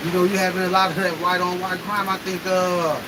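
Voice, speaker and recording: A man with a high voice throws in quick words of agreement. Steady rain-like noise sits clearly under him, as on a rough live-stream feed. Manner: affirming, quick to back up the main speaker. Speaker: co-host agreeing with the preacher. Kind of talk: casual chat on a live stream.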